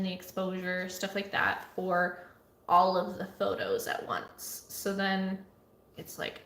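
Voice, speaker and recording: A woman artist talking casually and chattily through her computer work, at times dropping to a soft murmur. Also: mid-range voice, gravelly, reverberant, a little hiss or hum. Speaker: artist vlogger. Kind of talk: casual vlog talk. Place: home art studio.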